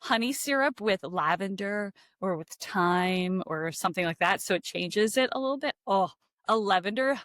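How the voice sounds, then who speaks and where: A woman's voice: medium pitch, normal speed, hardly any pauses, no echo, clean studio sound. A woman from Philadelphia with a Philadelphia accent, co-hosting a casual chat about cocktails. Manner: chatty and animated, filler-heavy. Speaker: podcast co-host.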